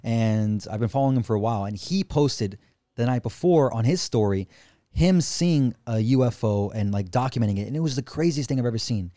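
A man on a podcast as a guest, telling a story in an animated, excitable, casual way, full of slang and swearing. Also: mid-range voice, a little fast, no room sound, studio quality.

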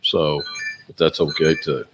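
A man's voice: extremely low pitch, level tone, a little slow, background noise. A man co-hosting a casual cigar podcast, chuckling and good-humored. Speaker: podcast co-host. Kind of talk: casual banter.

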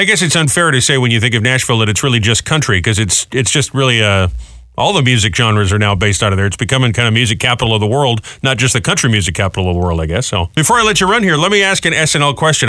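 A male host talks fast in a casual interview, keeping things friendly and moving with his questions. His voice is bright and crisp, and the sound is dry. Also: medium pitch, expressive, no echo. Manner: chatty, fast asking questions.

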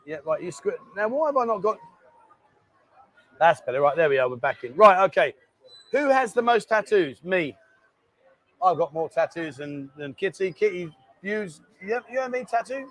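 A man's voice: sits high, very animated, normal speed, fairly bright tone. A man, hosting a casual live stream and bantering as he reads out viewer comments. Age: 50s. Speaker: host.

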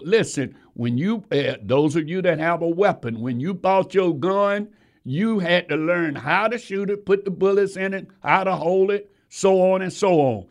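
A man with a high voice preaches in a folksy, rhythmic way. He calls out to the congregation by name and swings between loud, climbing lines and quiet, hushed ones. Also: animated, measured pace. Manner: rhythmic preaching with sudden rises and drops in pitch and volume. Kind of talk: sermon.

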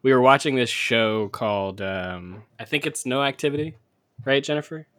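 A man's voice: mid-range voice, normal speed, fairly bright tone. A man hosting a casual podcast chat with friends, laughing often and swearing freely. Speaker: podcast host.

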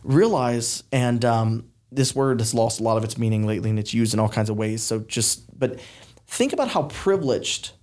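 A man's voice: medium pitch, moderate pace. A man, a podcast guest, telling a story in casual chat with emphatic bursts and mock dialogue. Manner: animated, quotes himself and others in mock dialogue.

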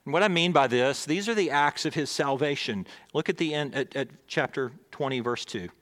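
A male pastor preaching a sermon, swinging between emphatic, raised lines and hushed, near-whispered ones. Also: mid-range voice, moderate pace, long reverb tail.

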